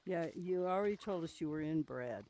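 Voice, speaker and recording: A woman's voice: deep voice, animated, moderate pace, noisy background. Older woman teasing dryly on voice chat. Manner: dry teasing, bossy old-lady scolding in jest. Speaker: fellow player. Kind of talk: casual gaming voice chat.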